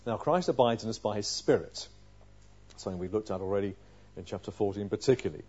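A man preaching a sermon, emphatic, asking rhetorical questions and swinging between quiet and loud passages. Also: fairly low pitch, fast talker, slightly rough, highs cut off.

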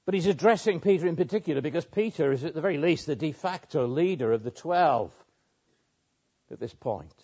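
A man preaching a measured expository sermon, with pauses and small restarts. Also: a little high, animated, a little mellow, slightly rough. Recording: muffled lo-fi sermon recording.

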